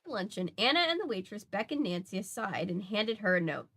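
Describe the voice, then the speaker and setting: A woman's voice: medium pitch, very animated, brisk, hardly any pauses, fairly bright tone. A young woman reading a mystery novel aloud on a casual stream, adding chatty asides and correcting her own slips as she goes. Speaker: host reading a book aloud. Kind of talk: casual read-aloud livestream.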